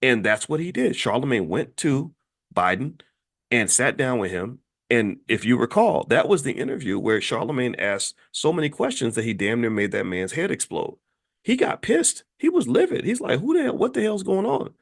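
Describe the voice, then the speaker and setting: A man's voice: mid-range voice, normal speed, vocal fry. A man hosting his own channel, giving a heated unscripted opinion monologue, repeating points and stumbling over words as he gets worked up. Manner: emphatic, repetitive, rising and heated when animated. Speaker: channel host, finance commentator.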